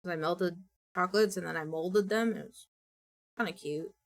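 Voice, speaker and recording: A woman's voice: fairly low pitch, normal speed. A young woman chatting casually and playfully on a live stream while she draws, talking to her viewers. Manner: playful and chatty, talks to chat and to her characters.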